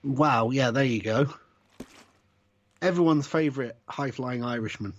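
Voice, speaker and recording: Wry man, dull lo-fi sound. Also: mid-range voice. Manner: measured, dry teasing, chuckles. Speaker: podcast co-host. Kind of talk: casual chat.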